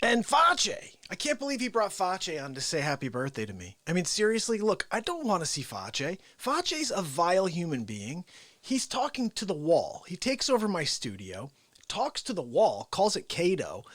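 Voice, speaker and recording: A man hosting a live, unscripted daily variety stream, excitable and laughing, shouting out greetings to viewers. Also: high-pitched, moderate pace, no room sound, soft background music.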